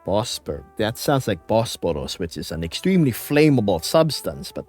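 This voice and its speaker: A man with a lowish, a little mellow, sing-song voice talks at normal speed over soft background music. He has a light Filipino accent and rambles playfully on a casual live stream from his home in the Philippines, reading viewers' chat out loud.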